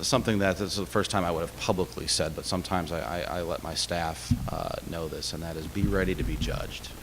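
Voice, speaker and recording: A man with a deep voice addresses a college crowd from a chapel lectern, chatty and self-deprecating, with plenty of uhs. His words ring out in a long hall reverb, and a faint background hum sits underneath. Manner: conversational storytelling with fillers and self-deprecating humor. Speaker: state official giving a chapel talk. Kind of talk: speech to a college audience.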